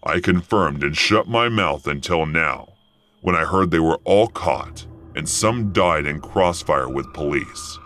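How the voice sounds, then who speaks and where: A young man narrates a first-person horror story for an animated channel. His voice is deep, yet it rises and falls a lot as he tells the tale. The delivery is expressive and story-driven. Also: unhurried, faint music behind. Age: young adult.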